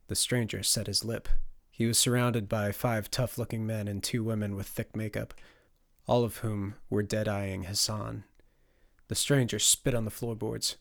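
A man's voice: on the low side, flat delivery, normal speed, vocal fry, no echo. Man narrating an audiobook, dry and close. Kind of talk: scripted fantasy narration.

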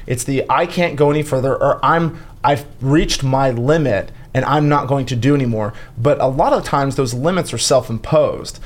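A man co-hosting a podcast in casual chat, rambling with fillers and restarts and acting out quoted lines. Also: medium pitch. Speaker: podcast co-host.

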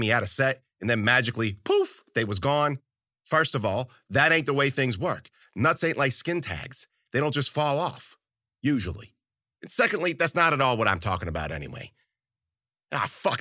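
A man's voice: mid-range voice, bright, forceful tone, no room sound, studio quality. A man narrating a story in the first person, crude, rambling and full of profane slang.

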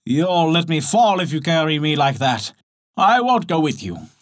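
A man's voice: a little high, sing-song, normal speed. A man voicing a clever, wary crab in a read-aloud folktale, cautious and then defiant.

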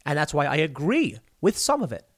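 A male podcast host giving a heated monologue, animated and stammering often as he restarts his sentences. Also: fairly high pitch, fairly quick. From United States.

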